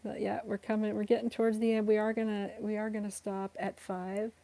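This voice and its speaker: Gravelly and dark, her delivery flat and a little fast, a young woman streams live from home among her playing rescue cats. She runs a cat rescue stream, chatting and giggling often, and talks to the cats in a high, coaxing coo.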